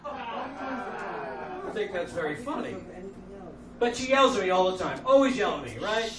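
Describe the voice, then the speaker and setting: A man's voice: high voice, very animated, normal speed. A man trading dry comebacks with his partner in a live comedy double act. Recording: echoey live club from a distant mic with crowd.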